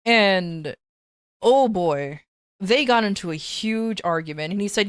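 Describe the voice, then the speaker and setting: A woman's voice: mid-range voice, animated, a little slow, clean tone, dry recording, clean studio sound. A woman telling a story on a casual livestream, rambling and swearing, with many restarts and fillers. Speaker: streamer.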